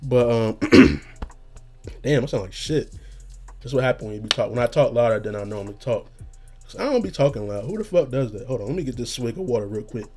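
A man hosting a casual solo podcast rant, rambling and profane, in a self-described monotone, with faint music behind him. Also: medium pitch, brisk. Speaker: podcast host.

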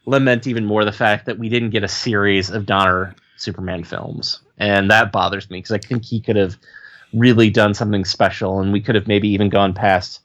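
A man co-hosting a casual podcast, talking in a relaxed, rambling way with many fillers. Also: fairly low pitch, moderate pace. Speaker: podcast co-host. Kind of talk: casual chat.

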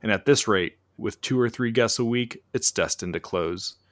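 A man voicing a gruff, spirited ranch hand in her sixties who talks in a dry, matter-of-fact way. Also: on the low side, moderate pace, fairly bright tone, dry recording, natural voice.

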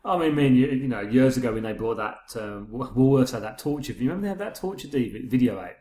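A middle-aged man talks quickly in a loose, rambling way, acting out bits of dialogue as he retells a story. His voice sits at an ordinary pitch. The sound is roomy and echoey. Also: animated, mellow. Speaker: podcast co-host. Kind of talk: casual chat.

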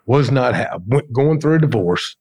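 A middle-aged man spins work stories as a podcast guest, loose and colloquial, acting out the other people's lines. His voice is gravelly, with a husky edge that stays through every line. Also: medium pitch, normal speed. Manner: colloquial, animated storyteller acting out quotes. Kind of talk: casual storytelling in an interview.

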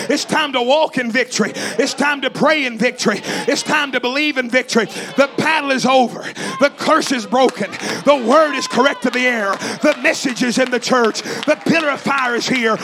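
A man from East Tennessee, preaching a fervent sermon in a church with shouted, repetitive lines. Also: extremely high pitch, vocal fry.

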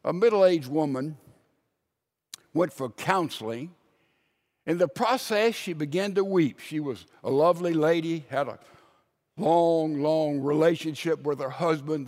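A man preaching a sermon, telling stories and dropping from loud emphasis to a hushed voice. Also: fairly high pitch, unhurried. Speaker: pastor.

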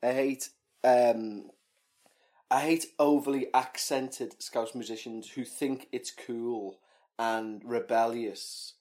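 A man's voice: medium pitch, steady tone, takes it slowly, darkish tone. A man co-hosting a podcast, chatting casually and joking through ranting tangents. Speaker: podcast co-host. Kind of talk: casual chat.

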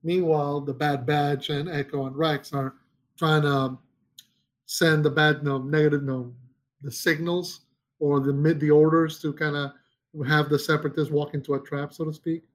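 A man's voice: fairly high pitch, level tone, normal speed. A man co-hosting a casual podcast chat, rambling with restarts and searching for names as he talks. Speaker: podcast co-host.

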